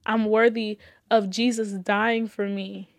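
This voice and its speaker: A woman's voice: mid-range voice, flat delivery, slow pace, no echo, clean studio sound. A woman telling her personal faith testimony with fervor, repeating phrases, laughing between lines and holding back tears. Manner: casual, addresses listeners as y'all.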